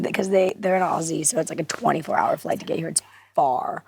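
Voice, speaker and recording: A woman chatting in a hesitant, confiding way, often restarting her sentences. Her voice is low, husky and gravelly. The sound is close and dry. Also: moderate pace, darkish tone, no room sound. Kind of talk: casual chat.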